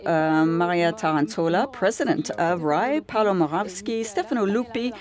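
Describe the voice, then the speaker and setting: A woman hosting a live event, reading out a list of names with fillers and repeats. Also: fairly low pitch. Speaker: event host.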